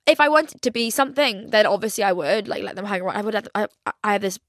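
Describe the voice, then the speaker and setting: A woman's voice: mid-range voice, expressive, quick pace, dry recording, clean studio sound. A young woman with a Northern Irish accent, hosting a casual solo podcast and chatting candidly, full of "like" fillers. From Northern Ireland. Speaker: podcast host.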